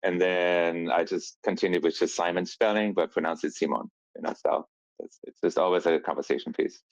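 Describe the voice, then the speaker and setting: A man's voice: low-pitched, fairly even intonation, brisk, no echo, muffled recording. A man from Austria, a brand founder telling stories as a podcast guest and acting out quoted lines. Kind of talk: casual storytelling.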